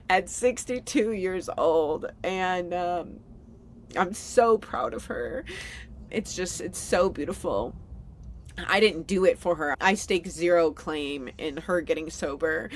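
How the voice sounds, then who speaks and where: A low-pitched woman in her thirties talks alone into the mic for her podcast. She speaks candidly and with feeling, and she laughs often as she goes. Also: a bit bright. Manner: slow soothing guided meditation. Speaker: podcast host. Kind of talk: solo podcast monologue.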